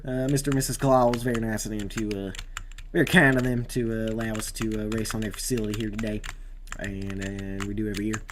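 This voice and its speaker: A man putting on a Southern accent for a mock post-race driver interview, with halting, filler-heavy phrasing. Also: medium pitch, a bit bright, a little hiss or hum, lightly acted. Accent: put-on Southern US. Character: man doing a put-on Kentucky accent.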